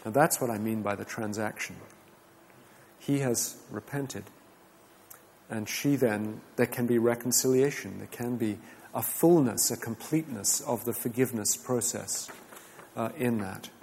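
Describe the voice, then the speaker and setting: A man teaching a group in a measured, earnest way, giving a reflective talk and then opening it up for discussion. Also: mid-range voice, vocal fry, a little mellow, in a large hall, slight background noise.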